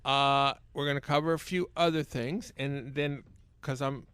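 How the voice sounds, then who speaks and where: A man's voice: medium pitch, fairly even intonation, a little slow, fairly bright tone, clear, resonant tone, dry recording. A male radio show host who hosts a talk show with wry, dry-witted remarks. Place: radio studio.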